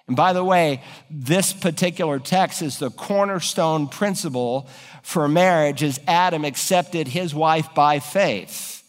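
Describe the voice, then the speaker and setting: A man's voice: fairly high pitch, a little slow, long reverb tail. A man preaching a sermon as pastor, building to emphatic raised peaks.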